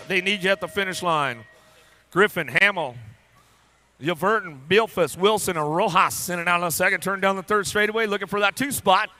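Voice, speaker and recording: A man doing live race commentary at a BMX track, rattling off rider names in a rapid-fire, playful way and joking with riders and crew. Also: high-pitched, sharp tone. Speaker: race announcer.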